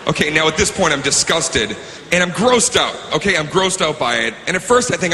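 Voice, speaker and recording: A man performing stand-up comedy and spinning an animated story that builds to shouted punchlines. His voice sits a little high for a man. The recording is boomy with long reverb, and loud ambient noise runs underneath. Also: fairly quick. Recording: echoey hall with loud background noise.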